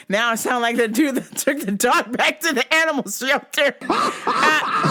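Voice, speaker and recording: A woman's voice: a little high, sing-song, normal speed, hardly any pauses, sharp tone. A woman host ranting casually, brash and profane, telling stories with bursts of laughter. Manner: self-described masculine, brash. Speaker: podcast host. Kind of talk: casual rant.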